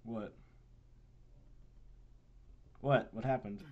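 A man's voice: lowish voice, steady tone, drawn-out words, lo-fi sound, slight background noise. A man co-hosting a podcast in casual chat, teasing his friends and laughing often. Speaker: podcast co-host.

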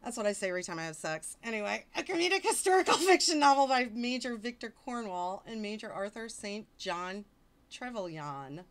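A woman's voice: medium pitch, sing-song, brisk, fairly bright tone. A woman streamer reading fiction aloud on a casual livestream, breaking off for wisecracking, mock-exasperated asides.

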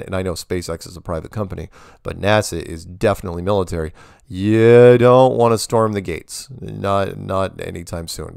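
A man's voice: deep voice, vocal fry, no room sound, clean studio sound. A man hosting a solo show, reading viewer emails aloud and answering them in a casual, rambling way with fillers and restarts. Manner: conversational, many fillers and restarts.

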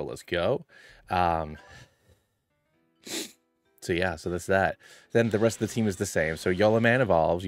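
Deep-voiced playful male game streamer. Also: dry recording. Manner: playful, chatty, greets chat by name; hushed and quiet at first. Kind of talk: casual game stream chat.

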